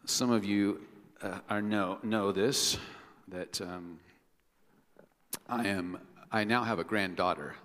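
Chatty middle-aged pastor in a reverberant hall. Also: male voice, on the low side, fairly even intonation, takes it slowly, fairly bright tone. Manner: chatty, joking asides to the congregation. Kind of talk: sermon. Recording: long reverb of a large hall.

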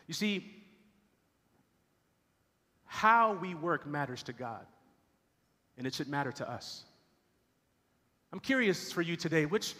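A man's voice: fairly high pitch, animated, slow pace, pauses often, pushed and bright, big-room sound. A man preaching a sermon as pastor, telling a story and doing voices for its characters. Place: church sanctuary.

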